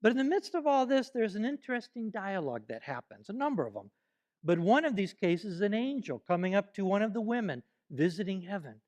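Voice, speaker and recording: A man preaching a sermon at a church service, animated and playful, leading the congregation in call-and-response exercises. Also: sits high, a little fast. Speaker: pastor.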